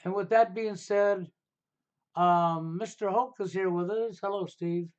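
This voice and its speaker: A middle-aged man hosts a live stream in a high-pitched voice. He talks in an emphatic, preachy way and keeps tagging his points with "okay?". The sound is dull and lo-fi. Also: fairly even intonation, measured pace. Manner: emphatic, repeats "okay?" to drive points home. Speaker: livestream host. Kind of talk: casual advice talk on a live stream.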